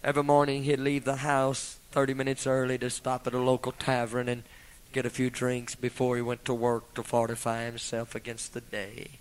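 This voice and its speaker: A man preaching a sermon with dramatic swings between loud, impassioned peaks and hushed whispers. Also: medium pitch, monotone, moderate pace, clean tone, rough recording.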